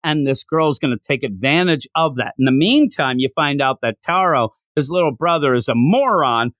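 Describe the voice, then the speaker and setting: A man's voice: a little high, normal speed, fairly bright tone, no room sound. A man co-hosting a podcast, chatting casually and critically about a manga chapter, rambling and acting out lines as he goes. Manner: rambling, critical, acts out quotes. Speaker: podcast co-host. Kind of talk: casual chat reviewing manga.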